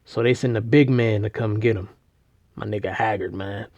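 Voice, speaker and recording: A man casually retelling a story, rambling with slang, fillers and restarts, and getting loud and animated at the big moments. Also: on the low side, moderate pace, no room sound. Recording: dull lo-fi recording.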